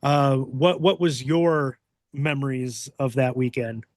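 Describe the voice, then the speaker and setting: A man hosting a podcast in casual chat, joking with quick asides. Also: mid-range voice, a little mellow, dry recording, clean studio sound. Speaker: podcast host.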